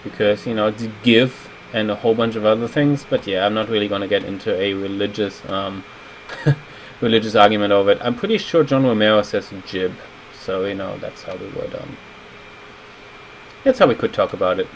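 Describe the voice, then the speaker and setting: A man's voice: on the low side, brisk, rough recording. A man in his thirties streaming as a level designer, chatting casually and rambling while he reads viewer comments aloud. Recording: faint air-conditioning hum.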